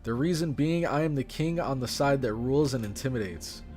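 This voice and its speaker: A man voicing a proud, arrogant pharaoh king while reading game dialogue aloud, speaking in a haughty, cold, deliberate way. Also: mid-range voice, darkish tone, soft background music, lightly acted.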